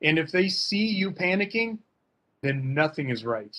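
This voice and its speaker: A man's voice: on the high side, sing-song, unhurried, sharp tone. A man talking casually and emphatically as a fencing coach in an online workshop, full of slang. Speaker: fencing coach and guest speaker.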